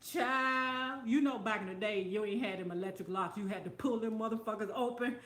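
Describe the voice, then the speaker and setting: A woman hosting her own talk show, telling stories and reacting to viewer comments in a profane, animated way. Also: medium pitch, roomy sound. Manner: animated, profane, storytelling, quick to laugh. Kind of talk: casual talk show monologue.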